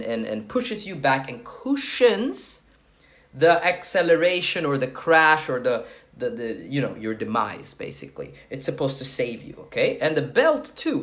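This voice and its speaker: A dating coach gives casual talking-head advice on approaching women, sweating as he talks bluntly and crudely and keeps asking "okay?" His voice is mid-range and a bit bright.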